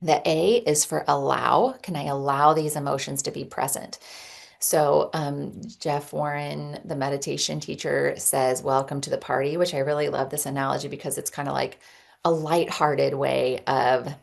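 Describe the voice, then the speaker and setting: A woman in her thirties talks through a parenting practice in a loose, chatty way. Her voice sits low and carries a gravelly fry, and she often pauses with ums and starts sentences over. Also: steady tone. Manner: chatty with frequent ums and restarts. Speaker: podcast host and parent coach. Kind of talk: casual teaching monologue.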